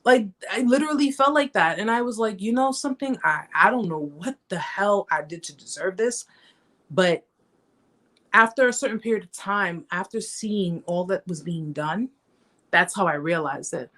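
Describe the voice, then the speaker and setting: A woman's voice: expressive, moderate pace, a bit bright. Emphatic woman hosting a live chat. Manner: conversational, emphatic, repeats herself; reenacts stories with raised pitch. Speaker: host.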